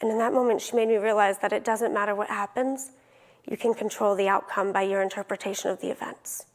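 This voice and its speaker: A woman's voice: mid-range voice, fairly even intonation, fast talker, in a large hall. A young adult woman giving a motivational keynote, telling a personal story vividly and acting out the dialogue.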